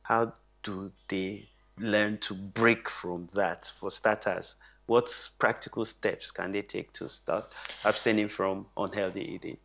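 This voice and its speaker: Gravelly-voiced co-host asking questions. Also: deep voice, fairly even intonation, a bit bright. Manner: affirming, measured questions. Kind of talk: panel talk.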